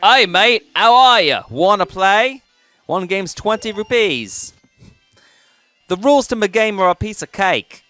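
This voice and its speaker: A man's voice: sits high, animated, unhurried, sharp tone, no room sound, faint music behind, voice pushed up, full character voice. A man doing a chummy mock-Australian gallery keeper. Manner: hammy, exaggerated put-on accent. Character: cheery male shooting gallery keeper, chummy hustler.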